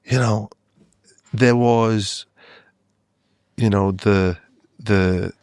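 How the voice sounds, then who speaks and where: Earnest doctor, flat low voice. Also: male voice, clean tone, no room sound, studio quality. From Australia and the UK. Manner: earnest, halting, many restarts and "you know" fillers. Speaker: doctor guest. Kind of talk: interview storytelling.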